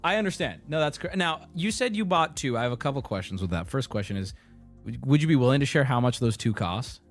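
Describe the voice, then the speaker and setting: Lively, teasing male stream host. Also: mid-range voice, quick pace, faint music behind. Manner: blunt, teasing, probing questions. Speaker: streamer host interviewing a caller. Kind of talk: casual live-stream interview.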